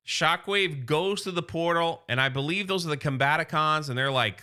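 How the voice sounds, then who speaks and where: A man's voice: a little high, animated, normal speed, pushed and bright. A man recapping a comic book in a casual, enthusiastic way, paraphrasing loosely with lots of "like".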